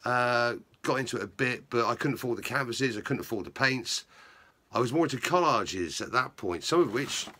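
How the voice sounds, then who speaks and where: A man's voice: medium pitch, lively intonation, moderate pace, sharp tone. A man chatting to camera about his painting in a jokey, rambling way. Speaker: punk musician talking about his painting. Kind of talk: casual chat to camera.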